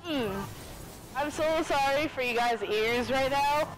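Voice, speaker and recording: A young woman giving excited gameplay commentary, often exclaiming and laughing as she plays. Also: high voice, slow, poor audio. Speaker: gaming video creator.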